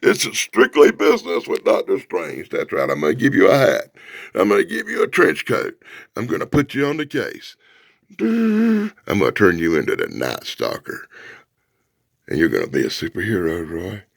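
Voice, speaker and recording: A brash, cocky sorcerer hero, full of mocking swagger, as a man puts him on while reading a comic. The voice is gravelly and swings wildly up and down. It sounds close and dry. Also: sits low, wildly swooping pitch, moderate pace, no room sound, pitched below the performer's own voice, exaggerated voice. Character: cocky male sorcerer superhero, brash and teasing.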